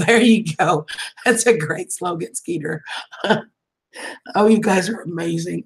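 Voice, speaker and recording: Husky woman in her fifties. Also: lowish voice, measured pace, pauses often, low-quality recording. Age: 50s. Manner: warm and affectionate with viewers, laughs often, calls them honey and sweetheart. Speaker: livestream vlogger. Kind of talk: casual livestream chat reading viewer comments.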